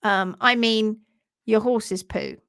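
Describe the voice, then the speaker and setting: Chatty, animated woman hosting a live stream. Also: on the high side, slow pace, clean tone, no room sound, clean studio sound. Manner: chatty and animated, laughs easily, acts out quotes in funny voices. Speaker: host of a live horse-care stream. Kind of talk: casual live-stream chat, reading out viewer comments.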